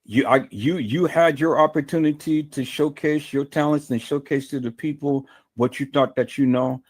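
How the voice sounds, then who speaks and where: A man's voice: on the high side, steady tone, moderate pace. A man hosting his own livestream, delivering an angry, profane, combative rant full of stammering restarts. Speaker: livestream host. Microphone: streaming mic.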